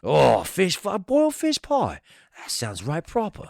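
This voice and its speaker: A man's voice: fairly high pitch, wildly swooping pitch, a little slow, gravelly, darkish tone, dry recording, studio quality, pitched above the performer's own voice, heavily acted. A man hamming up a mock British bloke. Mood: hammy. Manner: jokey, hammy put-on accent. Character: mock British bloke who loves bland boiled food.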